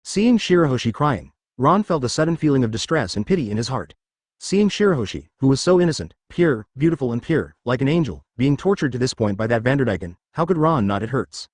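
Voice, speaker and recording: A man's synthetic voice narrating a fan fiction story in a steady machine read. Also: mid-range voice, fairly quick, dry recording, clean studio sound.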